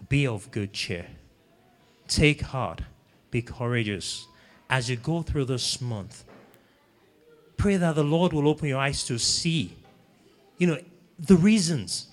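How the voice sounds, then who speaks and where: A man's voice: fairly high pitch, long reverb tail. A man preaching a sermon, earnestly urging his listeners and repeating key phrases. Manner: earnest exhortation, repeating phrases, sings snatches of a hymn.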